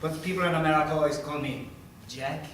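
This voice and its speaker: Male actor plays a brash, teasing French student with a French accent, higher voice, faint hiss. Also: steady tone, a little fast, a bit bright, natural voice. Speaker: actor in staged reading. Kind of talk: staged play reading. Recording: echoey room from far off.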